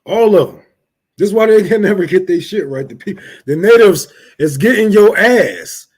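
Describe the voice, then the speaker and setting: A young man hosting a casual livestream, cursing loudly and laughing as he rants and thanks donors. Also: high-pitched, expressive, moderate pace, breathy edge. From Detroit. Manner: profane, loud, laughing rants. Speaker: livestream host.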